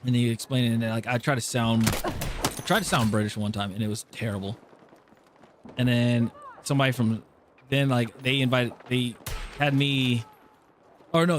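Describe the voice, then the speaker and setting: An American man with a slight Southern twang talks through a game on a live stream, his voice sitting at a middle pitch. He rambles from story to story, restarting his sentences as he goes. A faint hiss sits behind him. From California. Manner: rambling, self-interrupting storytelling. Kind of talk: casual live-stream chat.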